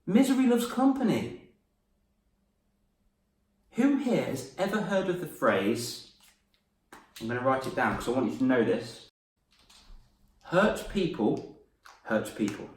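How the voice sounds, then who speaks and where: Encouraging male coach, mid-pitched, teaching kids live; roomy sound, mic a little distant. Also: very animated, slow pace, pauses often. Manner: upbeat, encouraging, praising viewers by name. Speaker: confidence coach. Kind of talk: live online lesson for children. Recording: echoey room, voice from off-mic.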